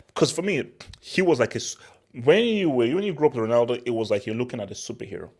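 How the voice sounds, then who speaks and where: A young man from Nigeria hosting a casual football talk, excitable and prone to repeating words as he restarts his sentences. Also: medium pitch, very fast, vocal fry. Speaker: football channel host. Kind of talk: casual football commentary monologue.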